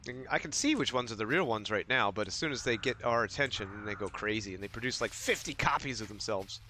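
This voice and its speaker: A man's voice: on the low side, expressive, fast, pushed and bright, slight background noise. A man streaming a game, chatting casually and telling rambling, joking stories between play. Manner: joking, rambling storyteller who acts out quips. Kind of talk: casual gaming stream commentary.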